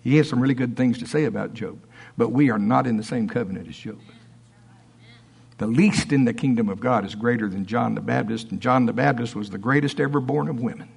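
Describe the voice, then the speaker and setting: A man preaching a sermon in church, emphatic and folksy, swinging between loud outbursts and quiet asides. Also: mid-range voice, fairly quick, vocal fry, breathy edge.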